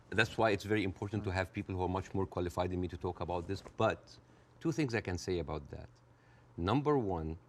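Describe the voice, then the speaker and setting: A man with a fairly low voice argues his case as an interview guest. He talks fast and animatedly, cuts in to push back, and jumps up in pitch to act out the people he quotes. A faint hum sits under his voice. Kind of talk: heated interview debate.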